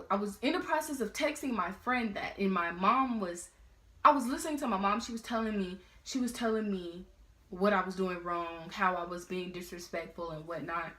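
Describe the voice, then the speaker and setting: Teen girl vlogger, animated casual storyteller, mid-range voice in an echoey room. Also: medium pitch. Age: teens. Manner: casual, slangy, animated retelling. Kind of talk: storytime vlog. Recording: roomy echo.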